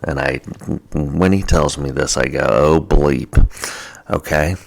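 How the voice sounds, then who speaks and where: A man's voice: a bass voice, slow, vocal fry. A man hosting a podcast, telling a casual story in a jokey way and acting out the people he quotes. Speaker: podcast host.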